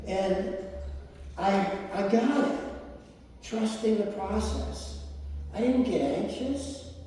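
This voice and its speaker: A middle-aged man giving a sermon, telling personal stories slowly with laughter. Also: high voice, dark tone. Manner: slow, storytelling with laughs. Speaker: spiritual speaker. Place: large hall with audience. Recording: echoey hall, distant mic.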